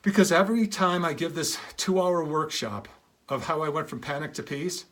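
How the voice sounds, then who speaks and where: Earnest storytelling man, slightly high. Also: normal speed, fairly bright tone. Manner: earnest, shifts pitch to act out quoted dialogue. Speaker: speaker. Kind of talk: motivational talk with storytelling.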